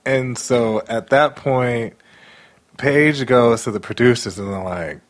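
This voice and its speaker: A man's voice: mid-range voice, takes it slowly. A man co-hosting a podcast, casually recapping a reality show and acting out the quotes. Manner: animated retelling with acted-out quotes. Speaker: podcast co-host.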